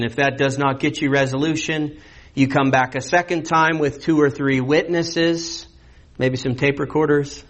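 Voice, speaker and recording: A man's voice: fairly high pitch, fairly bright tone. A man preaching a verse-by-verse sermon in a conversational teaching manner, posing rhetorical questions. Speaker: pastor. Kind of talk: expository sermon.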